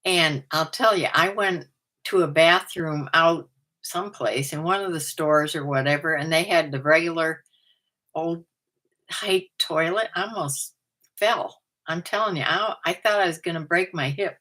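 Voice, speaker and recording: Slow-talking older woman, chatty vlogger. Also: deep voice, bright, forceful tone. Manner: chatty and self-deprecating, often laughing at herself. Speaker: vlogger and part-time reseller. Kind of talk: casual chat to camera, going through a numbered list. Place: her own house.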